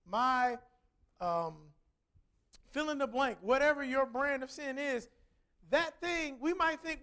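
Woman, high voice, scripture reading, sermon commentary, conversational, earnest, repeats points. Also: lively intonation, measured pace, a bit bright. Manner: conversational and earnest, with emphatic repetition. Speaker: Bible teacher.

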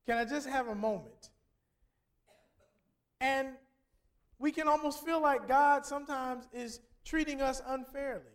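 A man's voice: very high-pitched, a little slow, long pauses, a bit bright. A middle-aged man preaching a conversational sermon, telling stories and acting out quoted lines. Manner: conversational storytelling, acts out quotes. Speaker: pastor.

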